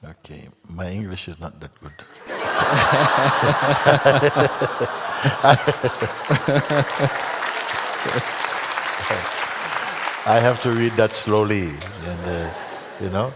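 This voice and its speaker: A man with a Jamaican accent, a spiritual teacher talking gently in a retreat gathering, soft-spoken and unhurried, often repeating himself. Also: lowish voice, animated, a loud crowd, very noisy. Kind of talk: gentle satsang conversation. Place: large retreat hall with audience.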